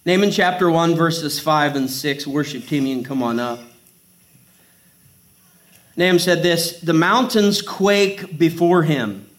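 A man's voice: a little high, slow. A man preaching a sermon in a conversational way, reading scripture and joking in asides. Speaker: pastor.

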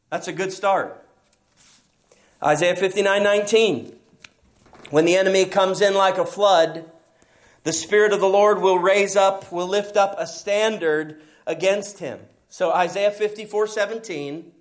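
A man preaching a sermon as pastor, emphatic and asking his listeners rhetorical questions. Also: high voice.

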